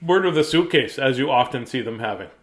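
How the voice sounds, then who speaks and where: A man hosting a live stream reads a bedtime picture book, dropping in chatty, chuckling asides between the lines he reads. He has an expressive, slightly bright mid-range voice and a brisk delivery.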